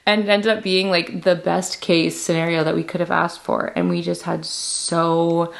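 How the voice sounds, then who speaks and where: A woman's voice: lowish voice, flat delivery, normal speed, vocal fry. A bubbly young woman from Canada chatting to camera, her voice worn from screaming. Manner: bubbly, chatty, lots of "like" and "oh my gosh". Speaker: beauty vlogger. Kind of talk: casual chat to camera.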